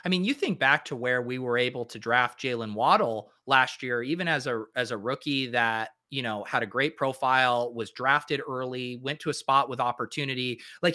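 A male podcast guest thinking out loud, hedging and reaching for words. His voice is bright and mid-pitched. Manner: thoughtful, hedging with fillers. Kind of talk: casual analytical chat.

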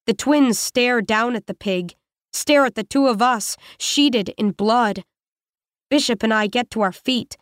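A woman narrating an audiobook in the first person, in a measured, even voice with short, plain sentences. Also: a little high, no room sound, clean studio sound.

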